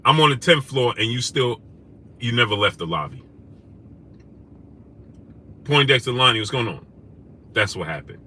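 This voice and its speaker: Hosting a livestream, a man reads chat comments, greeting viewers by name and answering combatively, rising to loud, indignant questions. His medium-pitched voice is expressive at a moderate pace with long pauses, and there is slight background noise.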